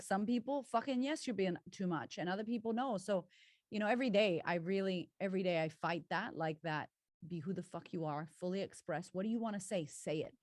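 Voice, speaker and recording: A woman's voice: mid-range voice, a little mellow, no room sound. Woman, candid, swears a lot, emphatic storyteller, dry close sound. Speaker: guest, confidence coach. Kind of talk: candid casual conversation.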